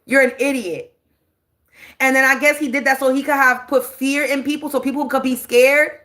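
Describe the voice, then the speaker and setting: A woman's voice: sits high, steady tone, moderate pace, fairly bright tone. A woman, a spiritual reader, ranting on a livestream in a blunt, profane and preachy way, drawing out words for emphasis. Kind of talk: livestream rant.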